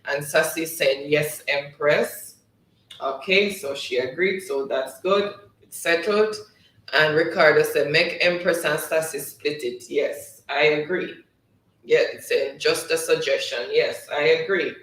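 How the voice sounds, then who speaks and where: A man with a fairly high voice hosts a live trivia stream, reading out viewer comments at an unhurried pace. He is chatty and often laughs along. His voice sits back from the mic in an echoey room. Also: fairly bright tone, far from the mic. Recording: roomy sound, voice set back from the mic.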